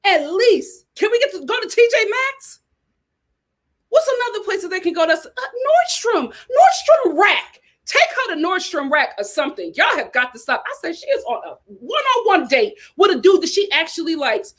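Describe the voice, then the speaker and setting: A woman ranting as a reality TV commentator, talking in an animated, exasperated way. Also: extremely high pitch, normal speed. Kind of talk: casual chat.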